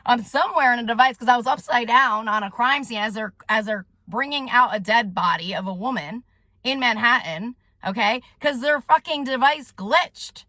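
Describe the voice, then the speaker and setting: A woman who works as a vlogger and soul coach rants straight to camera, agitated and swearing, tagging her points with "okay?" Her high voice sounds bright and sharp at a normal speed. The audio is dry and close, with no room echo.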